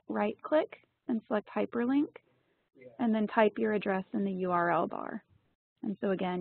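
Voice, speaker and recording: A woman's voice: medium pitch, vocal fry, slightly rough, no room sound. A woman presenting a webinar lesson, explaining with frequent ums and you-knows. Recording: tinny phone-like line, dry.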